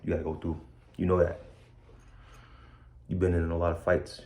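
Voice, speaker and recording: In a room of a borrowed house, a man shares his personal story with streetwise bluntness and candor, repeating key phrases. The voice is low-pitched and dark, monotone, at normal speed.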